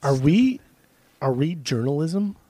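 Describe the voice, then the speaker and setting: A man's voice: a little high, very animated, slow, dark tone, no room sound. A man co-hosting a podcast, joking crudely and swearing in casual banter. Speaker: podcast co-host.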